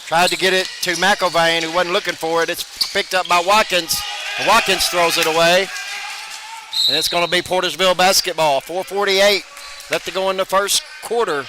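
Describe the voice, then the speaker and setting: Play-by-play caller, male, pitched high, quick calls with bursts of excitement, gym noise in the background. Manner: rapid calls, bursts of excitement on made shots. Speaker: play-by-play announcer. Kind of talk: live basketball play-by-play. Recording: noisy gym ambience behind voice.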